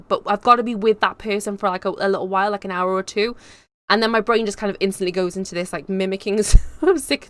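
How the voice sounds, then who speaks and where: A young Englishwoman hosts a casual live stream, cheerfully reading out chat comments. Her voice is mid-range and a bit bright, and she's chatty and bubbly, rambling with plenty of fillers.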